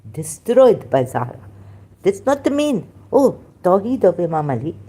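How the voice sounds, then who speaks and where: A woman's voice: lowish voice, very animated, moderate pace, warm tone, breathy edge. A woman with a Persian accent, speaking in broken English, hosts a rambling religious commentary live stream and often halts and interrupts herself.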